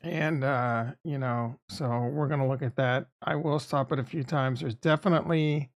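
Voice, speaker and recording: A man's voice: medium pitch, steady tone, moderate pace. A man hosting his own live stream in a casual, rambling way, often breaking off mid-sentence and filling gaps with "uh" and "like". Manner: rambling and self-interrupting, with frequent fillers. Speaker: streaming channel host.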